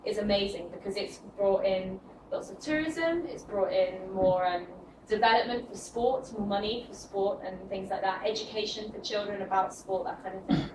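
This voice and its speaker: A woman's voice: medium pitch, moderate pace, hardly any pauses. A young British woman with a British English accent giving a chatty, upbeat classroom presentation to students and laughing easily. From United Kingdom. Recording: roomy, distant, noisy room.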